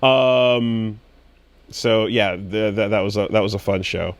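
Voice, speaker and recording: A man co-hosting a podcast in casual chat, telling an excited story with animated quoted cries and frequent swearing. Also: lowish voice, slow pace, dry recording. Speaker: podcast co-host.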